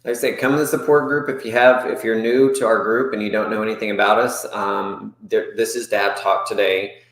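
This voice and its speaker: A man's voice: fairly low pitch, steady tone, a little fast, fairly bright tone, roomy sound, poor audio. A man co-hosting a casual talk show, inviting listeners to a support group.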